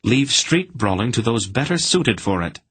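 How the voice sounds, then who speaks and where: A man voicing a sharp, protective aunt who snaps and scolds. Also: medium pitch, very animated, normal speed, husky, no room sound, pitched above the performer's own voice, exaggerated voice. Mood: scolding. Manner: snappish, acid.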